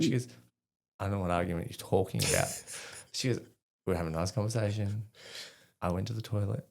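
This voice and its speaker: Australian man, middle-aged, deep, gravelly, casual rambling storyteller, swears freely, laughs at himself. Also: sing-song, fairly quick, pauses often, a little mellow. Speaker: guest, army veteran.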